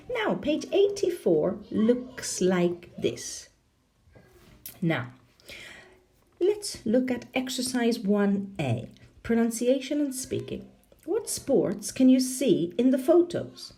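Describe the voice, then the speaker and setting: Slow, lively-voiced woman teaching English. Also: medium pitch. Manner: slow, clear classroom delivery with questions to learners. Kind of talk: online English lesson.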